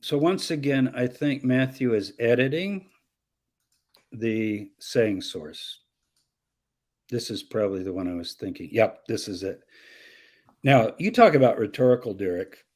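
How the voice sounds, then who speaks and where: A man teaching like a professor in an interview, explaining scripture passages with lively quoted voices. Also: mid-range voice, a little slow, pauses often.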